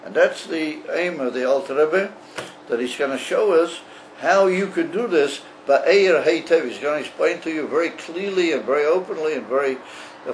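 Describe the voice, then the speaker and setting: Man slowly lecturing a religious class. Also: on the high side, lively intonation, slight background noise, rough recording. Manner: halting and explanatory, many filler pauses. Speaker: rabbi teaching a class.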